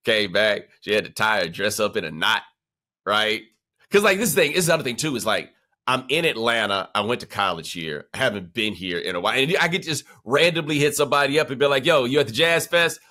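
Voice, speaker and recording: A man's voice: fairly low pitch, sing-song, fairly quick, bright, forceful tone. A man co-hosting a sports talk podcast, telling stories in loose, rambling casual chat full of restarts and repeats. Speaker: podcast co-host.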